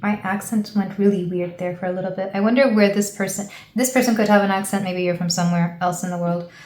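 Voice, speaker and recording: A woman's voice: mid-range voice, fairly even intonation, fast talker. Rambling woman reading tarot, echoey room. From United States. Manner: rambling, thinks aloud, soft fillers. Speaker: tarot reader.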